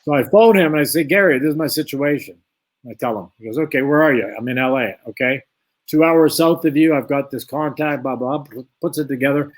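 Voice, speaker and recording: A man's voice: a little high, brisk. A man telling a long boxing story in an interview, acting out both sides of the conversations. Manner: lively anecdote-telling, acts out both sides of the dialogue. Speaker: former boxer, guest.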